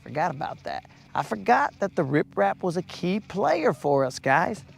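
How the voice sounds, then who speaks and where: A man's voice: sits high, sing-song, normal speed, gravelly. A man hosting a casual fishing vlog from a boat at night, joking around and talking to viewers like his bros. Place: outdoors on a boat at a lake at night.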